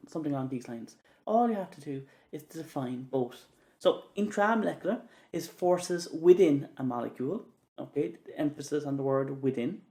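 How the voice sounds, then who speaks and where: A man with a mellow mid-range voice teaches chemistry, walking through exam questions. He repeats key words for emphasis and says "okay" often.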